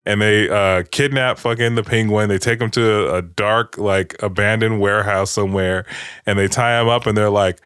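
A man's voice: on the low side, fairly even intonation, moderate pace, a bit bright, clean tone, no echo, clean studio sound. A man casually recapping a movie with friends, rambling, swearing and acting out lines.

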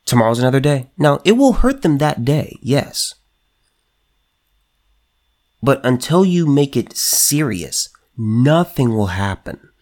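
A man at a middle pitch delivering opinionated solo commentary as host. He hammers points through repetition and frequent restarts and breaks off to read news items aloud. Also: very animated, slow, long pauses, darkish tone.

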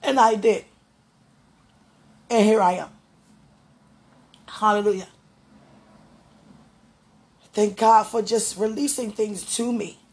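A woman giving a fervent, emotional prayer and encouragement talk in a gravelly, sometimes hoarse voice, recorded at home. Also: fairly high pitch, a little slow, pauses often, darkish tone. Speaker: spiritual vlogger.

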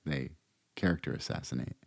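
A man's voice: rumbling low, fairly quick, vocal fry, no echo. A man hosting a podcast, giving meandering, sarcastic political commentary full of restarts, recorded close to the mic. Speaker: podcast host.

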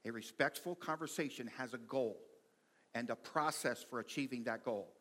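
Male pastor, mid-pitched, conversational sermon delivery with animated asides. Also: normal speed.

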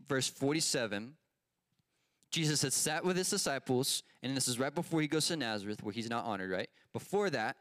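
A man's voice: mid-range voice, fairly bright tone, no room sound, studio quality. A man teaching a casual Bible lesson, asking his group questions and telling a personal story with many fillers.

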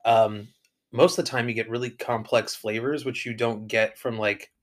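A young man co-hosting a relaxed podcast conversation. His voice sits at a medium pitch. He talks loosely and opinionatedly, filling pauses with ums and circling back on his thoughts. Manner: opinionated, rambling with fillers. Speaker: podcast co-host. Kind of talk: casual chat.

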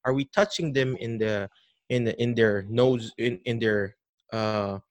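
A dementia care educator, male, talks in a mid-range voice, a little slowly, on a dry recording. Interviewed over a podcast call, he gets animated, restarts frequently, and performs the way caregivers greet patients.

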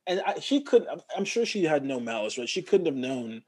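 A husky-voiced man from Montreal talks casually as a guest in an interview. His pitch sits a little high, and he tells his stories with animation, often slipping into imitations of other people. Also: sing-song, a little fast, dark tone. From Montreal, Canada. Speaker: actor, guest.

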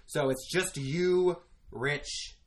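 Co-host calmly explaining game events. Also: medium pitch, extremely slow. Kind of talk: casual recap chat.

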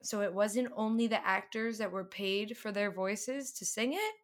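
A woman's voice: medium pitch, lively intonation, normal speed. A young woman from the northern US co-hosting a podcast in casual chat, chatty and self-deprecating, laughing often. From northern United States. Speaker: podcast co-host.

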